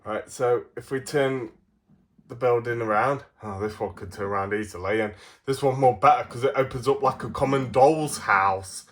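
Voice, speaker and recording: English man, YouTube toy reviewer, has a cold; bright tone, mid pitch, rambling, chuckly delivery. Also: moderate pace. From England. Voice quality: rambling, laughs often, many fillers.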